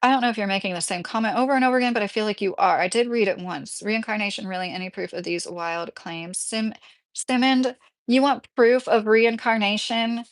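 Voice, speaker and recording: A woman's voice: mid-range voice, fairly even intonation, brisk. A woman livestreamer reading out chat comments and answering them in a heated, casual way.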